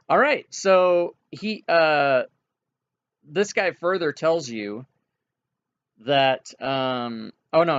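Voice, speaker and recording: A man narrating as game master of a tabletop game, relaxed and reassuring toward his players, on a dull, dry lo-fi recording. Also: mid-range voice, no room sound. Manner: relaxed, reassuring, laughs easily.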